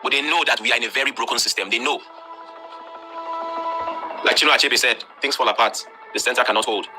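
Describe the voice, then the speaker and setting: Blunt, fast-talking Nigerian man lecturing. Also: medium pitch, music in the background. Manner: blunt, forceful lecturing with rhetorical questions. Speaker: online class host. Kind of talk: live-streamed talk to students.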